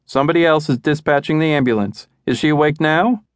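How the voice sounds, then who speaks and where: A man voicing a calm female emergency dispatcher asking steady questions. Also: a little high, brisk, no echo, clean studio sound, pitched above the performer's own voice, natural voice.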